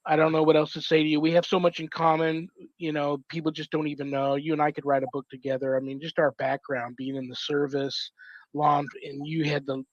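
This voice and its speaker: A man's voice: on the high side, little pitch movement, fairly quick, no echo. Effusive male host, muffled lo-fi sound. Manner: effusive, affectionate. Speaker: show host. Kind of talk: casual sign-off chat with guests. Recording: dull lo-fi sound.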